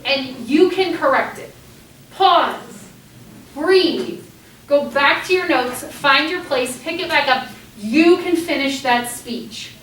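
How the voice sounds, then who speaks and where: Woman teacher, high and very animated, lecturing with bright energy; echoey classroom, mic far off. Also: a little hiss or hum. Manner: lively, animated, acts out students' panicked voices.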